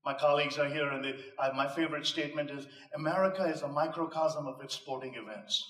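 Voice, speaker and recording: Male inspirational speaker, a bit high-voiced, emphatic and rhetorical, recorded off mic in a roomy hall. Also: fast, fairly bright tone, far from the mic. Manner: emphatic, rhetorical, with punchline jokes. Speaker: motivational speaker. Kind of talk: inspirational speech to a live audience. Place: live venue before an audience. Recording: echoey room, voice off mic.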